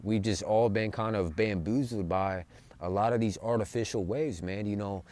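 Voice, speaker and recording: A man's voice: lowish voice, normal speed, a little mellow, a little hiss or hum. A young man giving an impassioned, profane spiritual monologue to his viewers from outdoors in nature, calling them bro and man. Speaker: spiritual vlogger.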